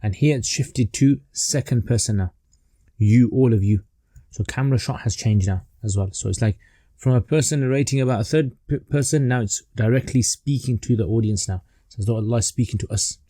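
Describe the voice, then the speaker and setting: Male online teacher, dark mellow tone, laid-back explaining, dry close sound. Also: medium pitch, brisk, no room sound. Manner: relaxed explaining, with fillers and restarts. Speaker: teacher of Quranic rhetoric. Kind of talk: casual online lesson.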